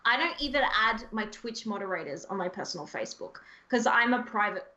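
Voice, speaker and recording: An Australian woman hosting a podcast and chatting casually, animated with frequent laughs and fillers. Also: fairly high pitch, a little fast. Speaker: podcast host and streamer. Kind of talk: casual chat.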